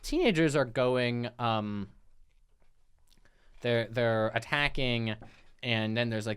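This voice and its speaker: A man's voice: on the low side, expressive, unhurried, fairly bright tone, clean tone. A man co-hosting a film podcast, recapping a plot in a rambling, casual way with restarts. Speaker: podcast co-host. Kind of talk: casual film review chat.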